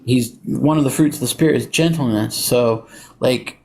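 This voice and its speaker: A man's voice: medium pitch, moderate pace, gravelly, darkish tone, slight background noise. A man defending his Christian faith in a call-in debate, earnest and insistent, often quoting scripture.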